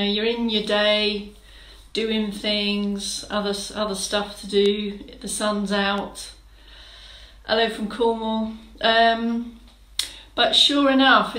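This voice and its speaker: A woman's voice: medium pitch, a bit bright, reverberant, poor audio. A woman fitness instructor leading a live-streamed exercise class, chatting, greeting viewers by name and giving encouraging instructions. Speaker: fitness instructor for older adults.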